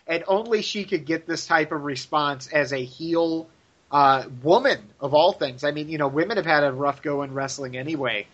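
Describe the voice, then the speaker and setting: A man's voice: on the high side, moderate pace, a bit bright, muffled recording. A man co-hosting a podcast in casual chat, effusive and gushing, swearing freely. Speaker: podcast co-host.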